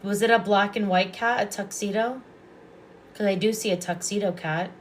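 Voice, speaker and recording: A woman giving intuitive readings on a live stream. She talks calmly and softly and often repeats her phrases. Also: medium pitch, moderate pace, slight background noise. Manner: calm, soft-spoken, repeats phrases. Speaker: psychic reader and past life regressionist.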